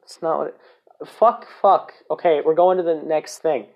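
A man's voice: fairly high pitch, unhurried, gravelly, dull audio. Rambling, swearing podcast host, man. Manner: rambling, swears, interrupts and corrects himself. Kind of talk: casual solo podcast rant.

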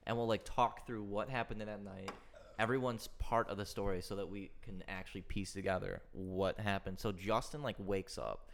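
A man's voice: fairly low pitch, normal speed, vocal fry. A young man telling a story to friends casually, using lots of fillers. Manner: fills talk with "like".

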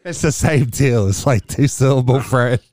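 A man's voice: mid-range voice, moderate pace, darkish tone, no room sound, clean studio sound. A man in casual chat, laid-back and profane, laughing often.

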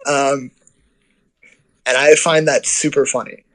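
Chatty guy, casual talk, mid-pitched voice, rambles with fillers and self-corrections. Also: flat delivery, takes it slowly, fairly bright tone, rough recording. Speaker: guest describing life abroad. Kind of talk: casual conversation.

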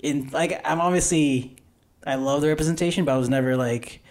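A young man hosting a casual podcast, talking in a relaxed, earnest way with plenty of fillers. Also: a little high, brisk. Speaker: podcast host. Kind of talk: casual chat.

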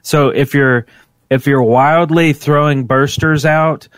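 A man co-hosting a podcast in casual chat, animated and laughing often. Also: slow, dry recording. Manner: animated, laughs often, sound effects like "boom". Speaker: podcast co-host.

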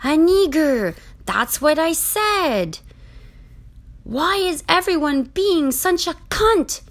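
A woman voicing a brash young man with a thick French accent on a date, loud and insistent. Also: mid-range voice, big pitch swings, normal speed, voice pushed up. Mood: relieved.

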